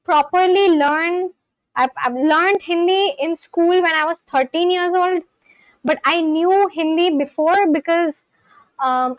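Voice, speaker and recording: Her voice is extremely high, heard in a low-quality recording with no echo. She's a young Indian woman whose first language is Marathi, speaking Indian-accented English in a relaxed livestream chat and answering viewers with lots of ums and likes.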